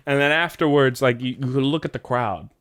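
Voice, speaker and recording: A man tells a long, meandering story on a podcast, swearing freely and popping into high voices when he quotes people. His voice is smooth and clear. The sound is dry and close. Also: moderate pace, a bit bright, dry recording. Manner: rambling, profane, jumps into high voices quoting people. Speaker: podcast host. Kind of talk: casual storytelling chat.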